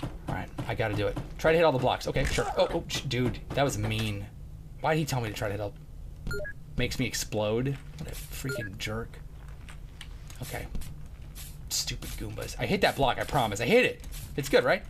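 A man from Mississippi commentating on his gameplay, excitable, yelling and muttering at the game. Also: medium pitch, a little fast, long pauses, slight background noise. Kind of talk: let's play commentary.

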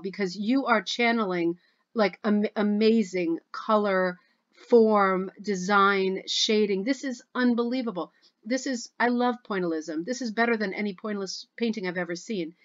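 This woman speaks at a medium pitch and a normal pace, though the audio comes across dull. She's at home running a rug hooking club video, casually going through social media posts and gushing over them as she chats.

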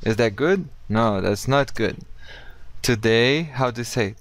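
A man teaching English in a casual video lesson, upbeat and friendly, slowing down to model each correct phrase. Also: medium pitch.

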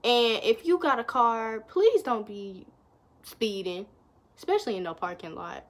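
Slow-talking young woman telling a story. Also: on the high side. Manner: chatty, addresses viewers as y'all, lively retelling. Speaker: vlogger. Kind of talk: casual storytime.

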